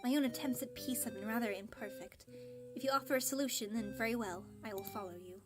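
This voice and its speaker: A lonely demon queen speaks in a slow, grand, aloof way, as a woman puts her on. The voice sits a little high, and game music plays clearly beneath her. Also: close to an everyday voice. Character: aloof female demon overlord, lonely, regal.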